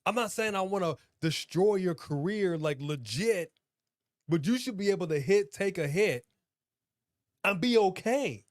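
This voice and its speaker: A man co-hosting a casual wrestling chat show, talking in an emphatic, animated, slangy way. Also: high-pitched, moderate pace, dry recording, clean studio sound. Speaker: podcast co-host.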